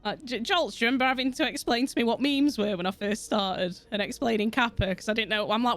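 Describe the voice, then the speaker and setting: A woman's voice: fairly high pitch, fairly quick, few pauses, a bit bright, soft background music. Giggly, swearing woman streamer. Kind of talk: casual gameplay commentary with chat.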